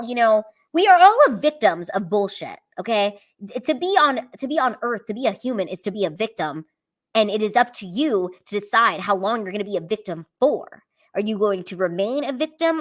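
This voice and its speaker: Female streamer, mid-range voice, blunt and foul-mouthed but sincere, reads chat aloud in a loose, casual way. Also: medium pitch. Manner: blunt, profane, earnest pep talk. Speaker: live stream host reading chat.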